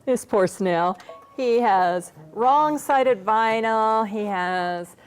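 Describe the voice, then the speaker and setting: A woman's voice: on the high side, drawn-out words, clean tone. A woman co-hosting a live quilt-shop sewing demo, joking and narrating each step as she stitches.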